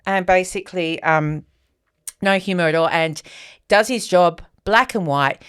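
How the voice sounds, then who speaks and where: A woman co-hosting a podcast, telling a candid personal story in casual chat and getting animated when she quotes other people. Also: lowish voice, a little slow, clean tone, dry recording, studio quality. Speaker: podcast co-host.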